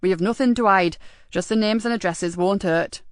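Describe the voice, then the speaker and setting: Narradora haciendo de hombre despistado y tranquilo, voz llana, dry. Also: female voice, medium pitch, moderate pace, no echo, lightly acted. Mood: calm. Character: absent-minded middle-aged male web designer.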